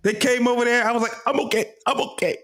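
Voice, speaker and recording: A man's voice: very high voice, fast talker, heavy background noise. A young man co-hosting a casual podcast, telling a childhood story and laughing often as he talks. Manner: animated, laughs often while telling stories. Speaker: podcast co-host.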